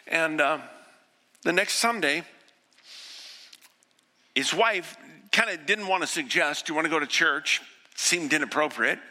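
A pastor in his sixties delivering an earnest sermon, moving from hushed, quiet passages to impassioned ones. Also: on the high side, measured pace, long pauses. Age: 60s. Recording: echoey hall with long reverb.

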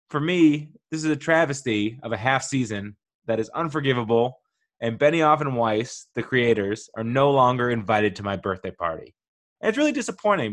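A young man talks alone into his podcast mic in a loose, joking way. He mocks himself and drifts into rambling asides, and his voice sits at an ordinary middle pitch. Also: fairly bright tone. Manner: playful, self-mocking, rambling asides. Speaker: podcast host. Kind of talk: casual solo podcast monologue.

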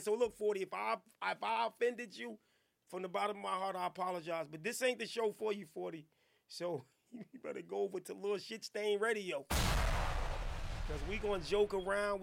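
A man hosting a radio podcast, riffing in casual, profane, animated banter. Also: high voice, gravelly. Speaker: radio show host. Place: radio studio.

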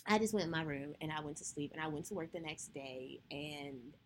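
A woman's voice: low voice, a little fast, slight background noise. A woman podcast host telling a personal story in a candid, profane, emotional way.

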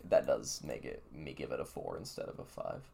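A man's voice: very deep voice, a little fast, vocal fry, a little hiss or hum. Rambling young-sounding male podcast co-host. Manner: rambling, filler-heavy, excited. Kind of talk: casual card-review chat.

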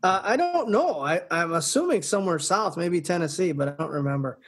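A man's voice: high-pitched, expressive, a little fast, fairly bright tone, husky. A man co-hosting a podcast in casual chat, telling rambling stories with many restarts. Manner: rambling storyteller, restarts often. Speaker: podcast co-host.

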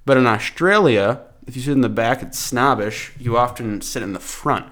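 A man's voice: normal speed, a bit bright. A man co-hosting a casual comedy chat, joking around with his friend. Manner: jokey, puts on silly high voices for bits. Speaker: podcast co-host.

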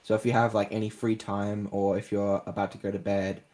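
A man's voice: lowish voice, level tone, brisk, darkish tone. A young Australian man hosting a casual podcast, rambling and joking with lots of fillers. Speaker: podcast host.

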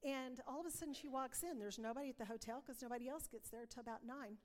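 A woman's voice: high-pitched, quick pace, in a large hall. A woman giving an earnest testimony sermon, telling stories and acting out dialogue. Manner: earnest storytelling, acts out dialogue. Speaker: preacher.

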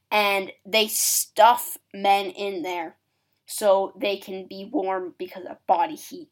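A woman casually explaining history, chatty and acting out quotes with a lot of "like". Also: medium pitch. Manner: chatty, acts out quotes, uses "like". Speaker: history presenter.

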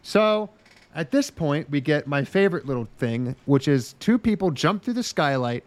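A man's voice: on the high side, animated, normal speed, dry recording. A man hosting a casual podcast, recapping with sarcastic, profane rants and mocking put-on voices. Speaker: podcast host.

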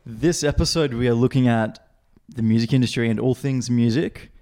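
A man's voice: mid-range voice, normal speed, a little mellow. A young man hosting a casual interview chat, upbeat and friendly. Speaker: podcast host.

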